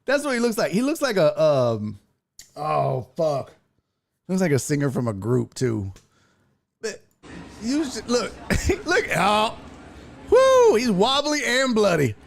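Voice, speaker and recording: A young adult man hosting a live stream, telling stories in an animated, profane way and acting out the people in them. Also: sits high, takes it slowly, vocal fry, long pauses. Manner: animated storytelling with profanity and acted-out voices. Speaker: streaming show host. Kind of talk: casual live-stream chat.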